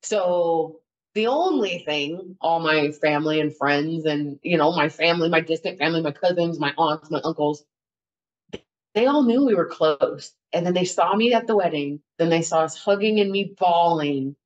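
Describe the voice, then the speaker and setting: A woman's voice: deep voice, normal speed. A woman telling her personal story as a podcast guest, in an earnest, rambling way. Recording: dull, lo-fi audio.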